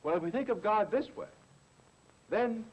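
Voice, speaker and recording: A middle-aged male philosopher and teacher delivers a deliberate, emphatic lecture, repeatedly stressing key words. His voice sits high and sounds animated, and the recording is rough.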